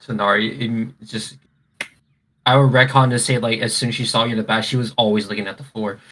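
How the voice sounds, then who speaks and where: A man playing in a tabletop game, making quick, playful asides about his character's actions. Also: fairly low pitch, steady tone, fairly bright tone, rough recording. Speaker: player. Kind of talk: casual tabletop game chat.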